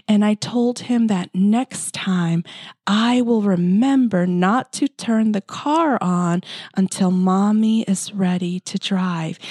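A woman hosts a faith podcast in an unhurried, gentle, heartfelt voice that sinks toward a whisper at tender moments. Her pitch sits in an ordinary middle range. The recording is dry and close, with no room sound. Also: no echo. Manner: slow, soft-spoken and heartfelt, often near a whisper. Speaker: podcast host. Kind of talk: personal faith podcast monologue.

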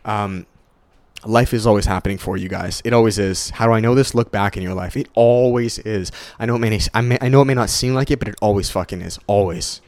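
A young man giving a casual, swearing, motivational solo podcast monologue, stumbling and restarting and swinging his pitch up high when excited. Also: a little fast, no room sound. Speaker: podcast host.

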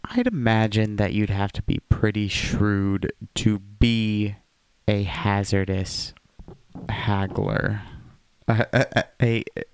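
A man's voice: lowish voice, takes it slowly, clear, resonant tone. A man co-hosting a podcast, chatting casually with rambling, jokey wordplay. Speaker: podcast co-host. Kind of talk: casual chat.

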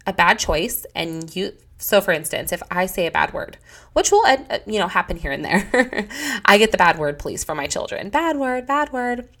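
A woman's voice: fairly low pitch, expressive, moderate pace, vocal fry, fairly bright tone. A woman in her thirties hosting a solo Christian parenting podcast, talking earnestly and heartfelt, often acting out conversations with her children. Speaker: podcast host.

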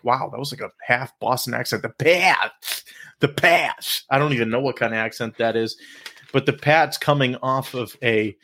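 A man hosting a sports talk show, playful and animated, stretching out hype calls and joking with his co-host. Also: mid-range voice, a little fast.

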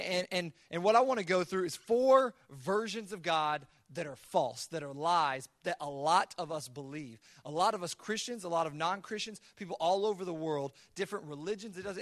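A man's voice: fairly high pitch, a bit bright, no room sound, clean studio sound. A man preaching a sermon as the pastor, earnest, often repeating words as he builds a point. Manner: acts out God's voice in quoted asides.

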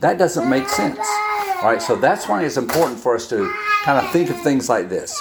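Very low-voiced woman teaching scripture. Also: very animated, heavy background noise. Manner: checks in often with "all right?"; unhurried, with pauses and restarts. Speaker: Bible teacher. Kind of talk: conversational Bible-study sermon.

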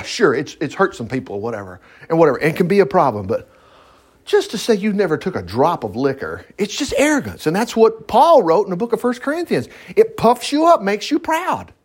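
A man teaching from the Bible in a folksy, animated way, breaking off often to joke and comment. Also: sits high, slightly rough. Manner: folksy, animated, quick to laugh and digress. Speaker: preacher.

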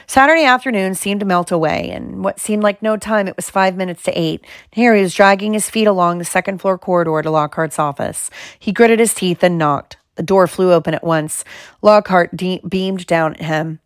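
A woman reading a storybook aloud in a calm, measured narrating manner. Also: on the low side, no echo, studio quality. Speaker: audiobook reader.

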